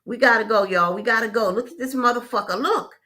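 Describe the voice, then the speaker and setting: A woman's voice: on the high side, fairly quick, pushed and bright, pitched above the performer's own voice. Woman voicing an alarmed young man. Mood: urgent. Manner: urgent, near screaming. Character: alarmed young man urging friends to flee.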